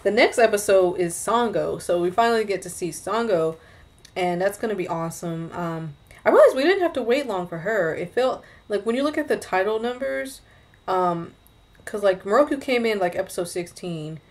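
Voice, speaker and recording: A woman's voice: mid-range voice, expressive, moderate pace. A young adult woman casually recapping an anime episode for her review series, chatty and rambling, often correcting herself mid-sentence.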